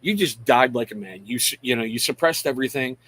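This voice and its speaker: A man's voice: medium pitch, fast, a bit bright, slight background noise, poor audio. A middle-aged man hosting a casual live stream. He rambles frankly, pokes fun at himself and greets chat viewers by name between thoughts. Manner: frank, self-deprecating. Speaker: live show host.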